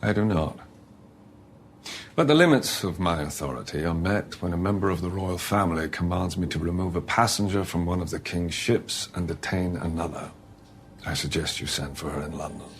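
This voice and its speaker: An actor playing a stern, formal ship's captain who speaks in a measured, authoritative way in a TV drama. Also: male voice, low voice, slight background noise. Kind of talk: TV drama acting.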